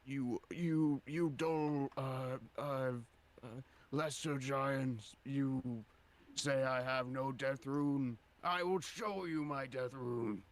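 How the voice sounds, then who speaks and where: A man voicing a small male fighter who serves death, stammering and slowly grandiose. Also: medium pitch, fairly even intonation, voice pushed up. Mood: defiant.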